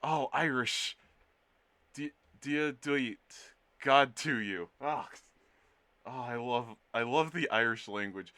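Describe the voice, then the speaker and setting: A man's voice: medium pitch, slow pace, bright, forceful tone. A man streaming his art, chatting casually and playfully with his viewers in a rambling way. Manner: playful, rambling, jokes with chat. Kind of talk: casual live-stream chat.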